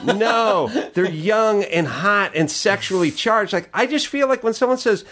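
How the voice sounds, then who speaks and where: A man's voice: high voice, lively intonation, unhurried, few pauses, fairly bright tone. A man in a casual podcast chat, ranting with profanity and jokes. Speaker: comedian guest.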